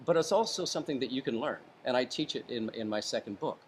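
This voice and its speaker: A man, a former hostage negotiator and author, giving advice in a casual interview, calm and deliberate, varying his tone and pausing for effect. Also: mid-range voice, slight background noise. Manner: calm, varies tone and pauses for effect.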